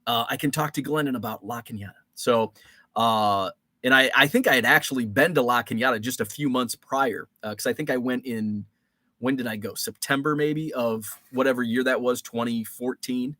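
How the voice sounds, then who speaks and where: A man's voice: mid-range voice, moderate pace, sharp tone, dry recording. A man hosting a casual live stream, greeting viewers from the chat and telling rambling stories full of fillers and restarts.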